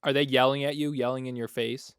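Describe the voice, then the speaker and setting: A man's voice: mid-range voice, flat delivery, a little fast, a bit bright, clear, resonant tone. A man hosting a podcast who asks short, curious questions and reacts to his guest's stories. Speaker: podcast host. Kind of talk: casual interview questions.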